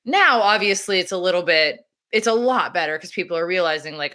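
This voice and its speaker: A woman doula talking casually in an interview, animated and laughing often as she acts out her own remarks. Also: fairly low pitch, a little fast, slight background noise. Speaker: doula and activist.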